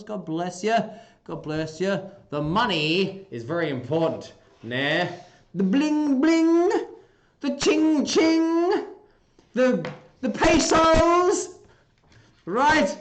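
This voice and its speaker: A man hosting a casual livestream, chatting playfully with viewers and breaking into goofy squeaky bursts. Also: fairly bright tone. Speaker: livestream host. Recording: roomy echoey room.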